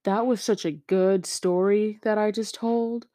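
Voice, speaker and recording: A teenage girl chats loosely into her podcast mic while lying on her bed, worn out from the week. Her voice sits in an ordinary middle pitch and sounds dry and close, with no room around it. She wanders off topic, restarts sentences and giggles between thoughts. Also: fairly even intonation, unhurried, warm tone, no echo. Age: teens. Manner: rambling, giggly, many fillers and self-interruptions. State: tired. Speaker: podcast host. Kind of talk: casual chat. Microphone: home podcast mic.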